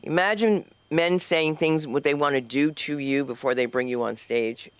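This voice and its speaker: A woman's voice: low voice, moderate pace, clear, resonant tone, dry recording. A woman hosting an open mic at a comedy club, doing brash, chatty stand-up and teasing the audience. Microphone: handheld microphone.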